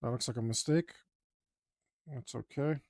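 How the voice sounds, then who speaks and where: A man chatting casually as he works on his art, rambling and joking at his own expense, with loud groans at the dull parts. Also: mid-range voice, measured pace, dry recording, clean studio sound. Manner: rambling, self-deprecating, groans and sighs aloud. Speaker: artist streaming his drawing process. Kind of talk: casual talk while working.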